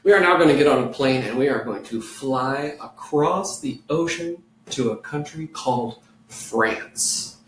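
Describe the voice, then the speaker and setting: Man teaching kids music, slow and playful. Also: medium pitch, slight background noise. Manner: playful, slow and clear, sings along. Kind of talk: children's music lesson. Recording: echoey room, mic far off, guitar playing. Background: guitar.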